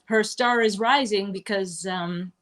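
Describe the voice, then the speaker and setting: A woman's voice: mid-range voice, measured pace, a bit bright. A middle-aged woman from Manhattan, chatting as an interview guest in a rambling way, full of fillers and asides. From Manhattan, New York. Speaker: guest performer. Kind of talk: casual interview chat. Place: restaurant, live-streamed.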